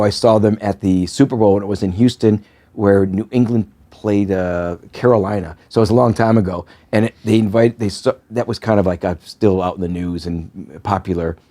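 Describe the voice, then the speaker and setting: A man's voice: on the low side, moderate pace, mellow. A man from Wisconsin, a podcast guest in casual chat, who rambles, loses his thread and laughs often.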